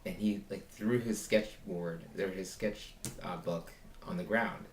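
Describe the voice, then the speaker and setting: A man's voice: sits low, steady tone, measured pace, echoey room, slight background noise. A man recording a casual vlog about being a foster parent, rambling as he retells a conversation and voices both sides of it.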